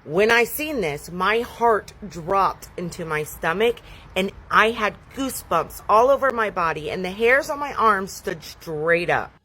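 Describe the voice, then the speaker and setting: A woman's voice: medium pitch, lively intonation, measured pace, sharp tone, husky. A woman outdoors at her home, earnestly telling a frightening experience. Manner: earnest, shaken storytelling. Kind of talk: casual story time.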